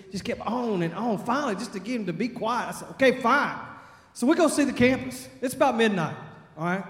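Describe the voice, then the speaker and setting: Folksy preacher in a church hall. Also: male voice, sits high, a little fast. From Texas. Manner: folksy, animated storyteller. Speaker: revival preacher. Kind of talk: storytelling sermon. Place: church sanctuary. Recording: long church reverb.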